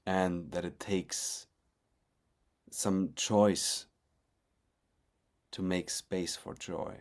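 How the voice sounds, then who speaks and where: Man, lowish voice, eager and animated, stop-start phrasing, video call. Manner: animated and enthusiastic, with halting restarts. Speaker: research partner. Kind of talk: reflective conversation.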